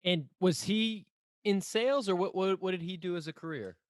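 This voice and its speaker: Male podcast host, a little high, relaxed curious questions, close and dry. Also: normal speed, no echo. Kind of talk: casual interview.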